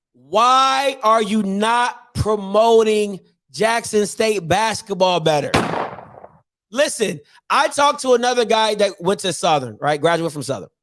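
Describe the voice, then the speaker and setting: His voice sits high with a fairly bright tone as he hosts a podcast. In casual slang with frequent restarts, he gives an emphatic, opinionated rant and keeps throwing out rhetorical questions.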